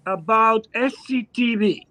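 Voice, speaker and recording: A man's voice: high-pitched, unhurried, bright, forceful tone. A man hosting a casual live stream chat about watches, teasing and boastful, with a home studio mic. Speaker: host.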